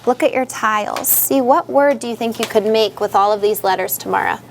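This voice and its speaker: A woman teacher in a classroom, patiently guiding young students and sounding out words slowly. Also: fairly high pitch, vocal fry, a little hiss or hum.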